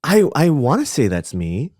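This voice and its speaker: A man in casual chat as a podcast guest, animated and camp. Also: mid-range voice, normal speed, no echo, clean studio sound.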